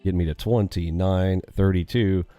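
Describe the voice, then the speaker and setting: Upbeat male trading streamer, low and smooth, keeps quizzing his chat. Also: steady tone, moderate pace, dark tone, no echo, faint music behind. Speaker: day trading live streamer. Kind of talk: live trading stream commentary.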